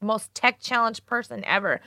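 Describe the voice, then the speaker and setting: Bright-toned woman telling profane stories. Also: fairly high pitch, normal speed, dry recording. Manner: profane, animated storyteller. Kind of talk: casual chat.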